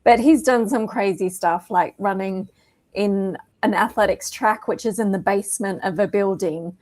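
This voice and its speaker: A woman's voice: medium pitch, a little mellow. A woman co-hosting a running podcast, telling stories with enthusiasm in casual chat. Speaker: podcast co-host.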